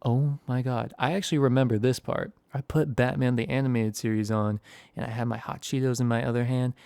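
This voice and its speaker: A young man tells a rambling story in a laid-back, self-mocking way, his voice gravelly and warm. The tone is smooth and resonant, picked up close and dry with no room around it. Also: mid-range voice, steady tone, a little fast, dry recording. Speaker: storytime YouTuber. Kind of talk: casual storytime narration.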